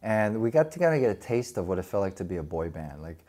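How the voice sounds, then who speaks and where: A middle-aged man chats as an interview guest, his pitch leaping up and down with lively energy. He acts out the people in his stories and laughs a lot as he talks. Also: quick pace. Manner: animated, acts out voices, laughs often. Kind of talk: casual storytelling interview.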